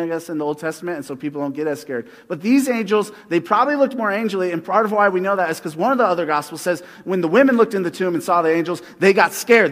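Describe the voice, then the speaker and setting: A man preaches in a fairly high, conversational voice that turns animated and slows down for emphasis. His voice carries through the long reverb of a large hall. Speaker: pastor. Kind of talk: sermon.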